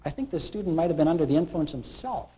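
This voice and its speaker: Middle-aged man, college lecturer, slightly high voice, lively anecdotal delivery, 1980s classroom tape. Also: quick pace. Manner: animated storytelling, acting out quoted characters. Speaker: college instructor. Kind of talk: classroom lecture with humorous analogies. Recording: 1980s classroom video recording.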